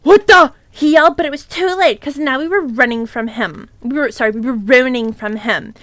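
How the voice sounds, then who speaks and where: A woman streamer reads a fanfic aloud, swearing freely and breaking off for giggly, irreverent asides. Her voice is high, and the sound is close and dry with no room around it. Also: brisk, fairly bright tone, no room sound.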